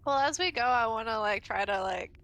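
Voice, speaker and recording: A woman's voice: fairly high pitch, fairly quick, a bit bright. A woman taking part as a player in a tabletop game, talking in a playful, hesitant way with many fillers. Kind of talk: tabletop role-play.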